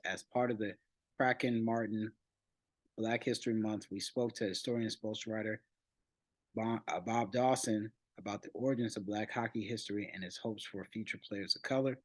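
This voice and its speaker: A man with a fairly low voice reads an article aloud and comments on it as he goes. He speaks unhurriedly, restarting phrases and using fillers. The sound is dry and close, with no room in it. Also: steady tone, moderate pace, dry recording, low-quality recording. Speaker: channel host.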